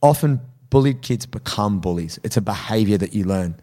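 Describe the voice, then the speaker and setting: A man co-hosting a podcast, telling a story in casual chat and acting out quotes in a higher voice. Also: moderate pace. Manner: animated, acts out quotes in high voices. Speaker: podcast co-host.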